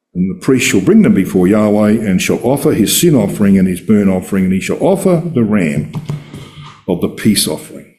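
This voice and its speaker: A man giving an expository Bible talk, emphatic and full of rhetorical questions. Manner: emphatic, rhetorical questions, lively swings in pitch. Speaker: Bible study speaker.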